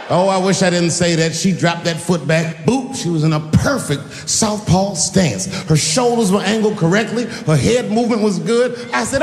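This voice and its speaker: At a moderate pace and with a high-sitting voice, a middle-aged man performs stand-up for a live audience in a large venue, animatedly telling stories and acting out voices. The live hall recording has long reverb and slight background noise.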